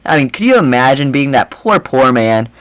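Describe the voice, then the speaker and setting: Young male reaction host, mocking and rambling, very animated delivery, dry close mic. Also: mid-range voice, moderate pace, clean tone, no echo, poor audio. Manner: mocking, animated, rambling with repeated "I mean, seriously". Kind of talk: casual reaction commentary.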